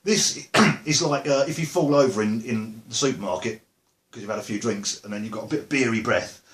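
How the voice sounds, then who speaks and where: A man's voice: mid-range voice, brisk. Rambling, jokey Essex man in an echoey room. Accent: Essex English. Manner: jokey, rambling, lots of fillers and asides. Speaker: musician vlogger. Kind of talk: casual rambling chat to camera.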